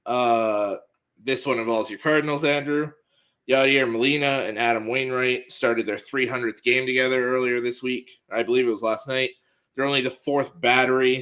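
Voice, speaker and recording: Bright-voiced man reading sports news. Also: medium pitch. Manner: plain, matter-of-fact delivery with fillers. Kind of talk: casual sports news rundown.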